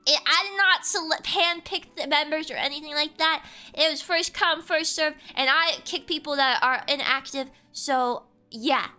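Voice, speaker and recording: A young woman streamer from the Southern United States speaks in a high voice at a moderate pace, barely pausing, over soft background music. Playful and animated, she chats casually on a livestream, teasing her viewers as she reads their chat messages aloud.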